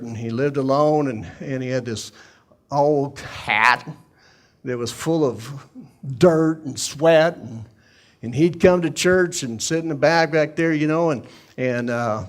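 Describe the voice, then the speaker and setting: A man preaching a sermon, telling a story in an animated way that breaks into shouts. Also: on the high side. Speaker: pastor.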